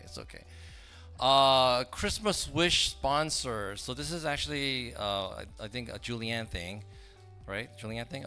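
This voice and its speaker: A man's voice: medium pitch, bright, forceful tone. A man giving casual, joking announcements to a church congregation, chatty and full of asides. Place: church sanctuary.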